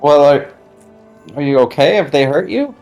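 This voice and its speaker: A man playing in a tabletop game, speaking hesitantly with many pauses. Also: on the high side, animated, creaky, a little mellow, lo-fi sound, faint music behind. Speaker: player.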